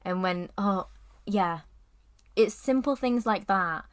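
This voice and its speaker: A woman's voice: mid-range voice, takes it slowly. Chatty young woman reviewing a film. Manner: chatty, giggly, lots of "like" and "kind of". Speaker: podcast co-host. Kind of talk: casual film review chat.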